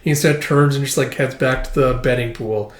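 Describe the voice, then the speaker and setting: A man recapping a manga chapter with energy, narrating and jumping into loud, excited character voices. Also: medium pitch, brisk, reverberant. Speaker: manga reader and commentator.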